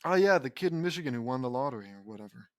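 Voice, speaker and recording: A man's voice: medium pitch, expressive, very fast, no echo, pitched below the performer's own voice, natural voice. A man reading the lines of an eager young superpowered girl in a fan story. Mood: plain.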